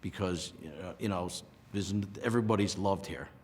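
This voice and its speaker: A middle-aged man from Rhode Island, talking earnestly and emotionally in a casual interview, with halting restarts. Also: deep voice, darkish tone, big-room sound, slight background noise. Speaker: interviewee, past lodge master.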